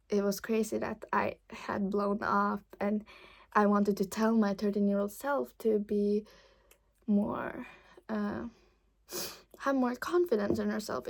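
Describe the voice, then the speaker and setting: A woman's voice: mid-range voice, darkish tone. A teenage girl chatting casually to camera, rambling and hesitant with many fillers, sometimes dropping to a whisper. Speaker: vlogger. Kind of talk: casual chat.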